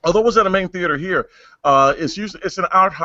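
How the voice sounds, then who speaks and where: A man's voice: sits high, fast talker, sharp tone, no room sound. A man cohosting a casual chat over a video call, playful and self-mocking. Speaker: show host. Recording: dry muffled video call audio.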